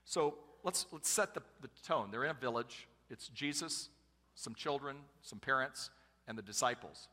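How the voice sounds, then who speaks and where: A man's voice: medium pitch, expressive, normal speed, sharp tone. A middle-aged man preaching a sermon, telling a family story in a conversational, self-deprecating way. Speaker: pastor. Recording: long church-hall reverb.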